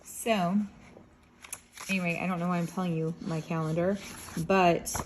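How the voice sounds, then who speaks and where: A woman's voice: fairly low pitch, level tone, moderate pace. Woman, casual vlog chat, rambling and candid, phone mic, faint background hiss. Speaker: vlogger. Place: in her car, then at home. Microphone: phone held at arm's length.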